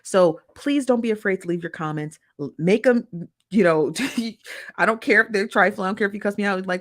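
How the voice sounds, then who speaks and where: A woman's voice: medium pitch, moderate pace. A woman hosting a casual livestream, chatty and blunt, with lots of slang, greeting her viewers one by one. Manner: frank and blunt, uses slang. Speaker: livestream host.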